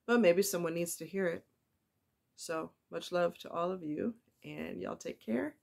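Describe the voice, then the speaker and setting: A woman's voice: lowish voice, normal speed, vocal fry. Chatty, confiding woman vlogger. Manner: warm, chatty, confiding, given to asides. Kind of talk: casual heartfelt talk to viewers.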